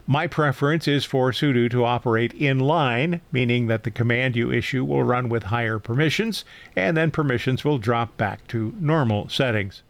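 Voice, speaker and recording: A man's voice: medium pitch, gravelly, no echo. An older man hosting a tech news segment, reading a scripted explainer in a dry, matter-of-fact way.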